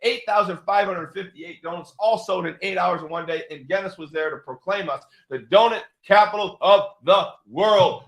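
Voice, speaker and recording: High-voiced man in his sixties, emphatic. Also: moderate pace, few pauses. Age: 60s. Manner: emphatic, repetitive, bursts into loud excited exclamations. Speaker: show host. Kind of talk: motivational storytelling talk. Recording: roomy echo.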